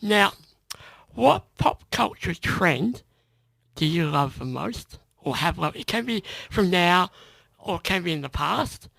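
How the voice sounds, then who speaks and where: A woman interviewer with a low, gravelly voice, giving quick encouraging replies and asking casual questions. The recording is dry and close. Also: lively intonation, fairly bright tone, no room sound. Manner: brief encouraging backchannels. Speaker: podcast host, interviewer.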